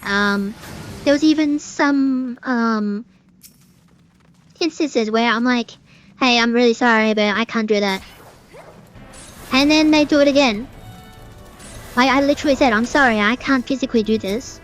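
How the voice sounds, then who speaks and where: A woman's voice: on the high side, measured pace, long pauses, faint music behind. A young woman streamer in casual gameplay commentary, ranting in a chatty way with many fillers. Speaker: gaming streamer.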